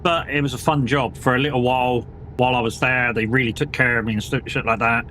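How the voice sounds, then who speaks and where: A man's voice: mid-range voice, fairly even intonation, quick pace, pushed and bright, slight background noise. A young British man streaming a driving game, chatting casually and swearing through rambling stories about old jobs. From United Kingdom. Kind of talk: casual chat while gaming.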